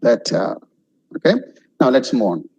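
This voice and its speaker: A man leads an online English lesson, speaking slowly and carefully through word drills so that learners can repeat after him. His voice is slightly husky, and his pitch sits in an ordinary middle range. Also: very animated, darkish tone, poor audio. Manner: slow, drills single words for repetition. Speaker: English pronunciation and vocabulary trainer.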